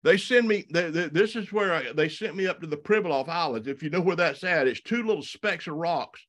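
Southern man, slightly high voice, folksy presenter who tells stories and stumbles over his words for a live audience. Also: a little fast. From South Alabama and North Florida. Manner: folksy, animated, many restarts and repeated words. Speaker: wildlife photographer giving a talk. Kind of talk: storytelling slide presentation.

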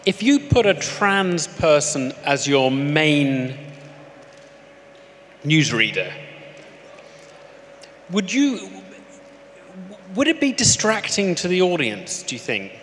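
Man host, fairly high voice, pushy questions, live hall with long reverb. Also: big pitch swings, slow, pauses often, a bit bright, a little hiss or hum. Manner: probing, provocative questioning. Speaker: host and journalist. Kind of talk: live on-stage interview. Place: stage at a live event.

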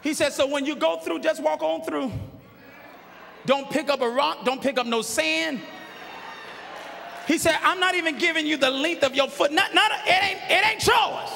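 Gravelly high-voiced preacher shouting. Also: male voice, moderate pace, a little hiss or hum. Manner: emphatic shouted preaching, colloquial and joking. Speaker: pastor. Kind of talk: sermon. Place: large church sanctuary with a congregation. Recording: live church sermon with long hall reverb.

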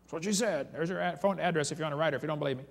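This creation seminar lecture comes from a man with a gravelly, high-leaning voice who speaks rapid-fire. Animated and dramatic, he reads eyewitness quotes with emphasis, and the large hall or church gives the recording a long reverb.

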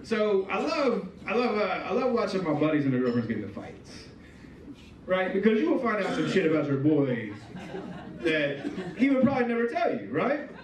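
A man's voice: sits high, normal speed. A man doing a stand-up comedy set, telling stories and acting out the other voices. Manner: animated storytelling with acted-out voices. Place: comedy club stage. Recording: echoey room, distant mic, audience noise.

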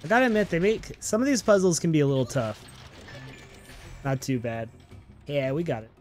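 A man's voice: a little high, sing-song, a little fast, faint music behind. Upbeat man giving let's-play commentary. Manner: upbeat, chatty, playful, talks to viewers. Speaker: gaming channel host.

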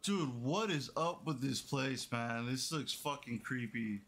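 A male streamer playing a horror game live, jumpy and nervous. He swears often and blurts reactions. His voice is bright and forceful at a middle pitch. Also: unhurried. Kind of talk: live horror gameplay commentary.

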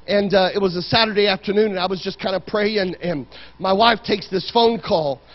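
A male pastor preaching a fervent sermon in a church, swinging from loud shouting to quiet storytelling. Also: sits high, moderate pace, lo-fi sound. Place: church sanctuary.

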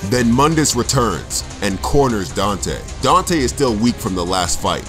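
A man's voice: lowish voice, animated, measured pace, fairly bright tone, faint music behind. A man co-hosting a comedic game story recap, narrating plainly with wry asides. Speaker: co-host.

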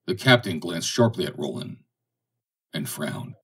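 Deep, husky male audiobook narrator. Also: animated, measured pace, a bit bright.

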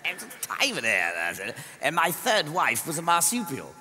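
A man, a comedian performing live, speaking in a halting, stammering way. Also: on the high side, huge pitch swings, bright, forceful tone. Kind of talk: live stand-up. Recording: reverberant live hall with noise.

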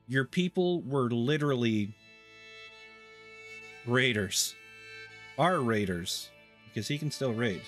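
A man hosting a strategy game let's play, making wry, rambling commentary full of fillers and asides. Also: mid-range voice. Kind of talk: casual gameplay commentary.

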